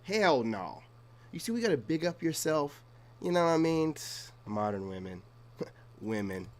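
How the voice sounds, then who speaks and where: A man's voice: fairly high pitch, big pitch swings, normal speed. An American man giving casual reaction commentary, blunt and slangy, talking straight to his viewers.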